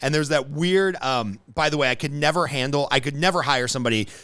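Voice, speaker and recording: American guy hosting a business podcast, bright crisp voice, dry close sound, blunt and jokey. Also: on the high side, brisk, no echo. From United States. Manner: blunt, joking, swears freely. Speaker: podcast host and business coach. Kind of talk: casual interview chat.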